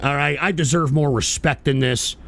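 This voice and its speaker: A man's voice: fairly high pitch, moderate pace, creaky, fairly bright tone. A man hosting a livestream, ranting in a profane, exasperated way with stammering restarts. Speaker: livestream show host. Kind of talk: angry livestream rant.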